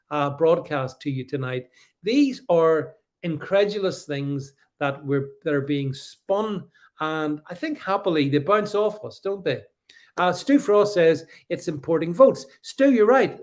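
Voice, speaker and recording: Animated, higher-pitched male livestream host. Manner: animated, emphatic, with frequent restarts and stammers; sarcastic asides. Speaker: livestream host reading viewer comments. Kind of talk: opinionated political commentary livestream.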